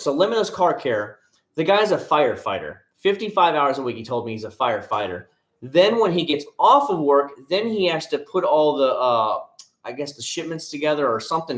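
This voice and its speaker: A man with a slightly high, sing-song voice talks briskly while hosting a casual live stream in a noticeably echoey room. He answers viewers directly by name in a loose, rambling way, often restarting sentences and drifting into asides.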